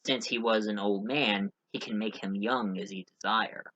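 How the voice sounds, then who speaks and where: Guy rambling thru a movie review, bright voice, kinda dull lo-fi sound. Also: fairly low pitch, fairly even intonation, normal speed. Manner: rambling, many fillers and restarts. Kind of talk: casual spoken movie review.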